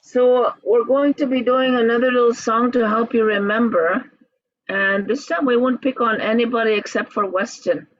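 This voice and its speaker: A language teacher leading an online class in a relaxed, halting way with many fillers, heard over a video call. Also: mid-range voice, no echo, lo-fi sound.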